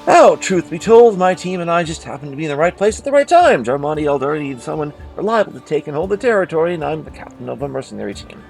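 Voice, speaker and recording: A man's voice: on the high side, big pitch swings, fast talker, gravelly, few pauses, a little mellow, faint music behind. A man voicing a friendly, blunt mercenary captain who has just become a baron, talking in a chummy, conspiratorial way. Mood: boastful.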